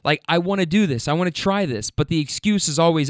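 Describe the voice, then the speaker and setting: A man hosting a casual monologue, animated and frank, swearing freely as he retells a conversation. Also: sits high, quick pace, hardly any pauses, no room sound, studio quality.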